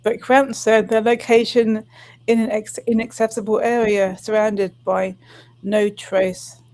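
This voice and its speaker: A woman co-hosting a livestream, reading a news article aloud at a steady pace with small restarts. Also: a little high, measured pace, poor audio.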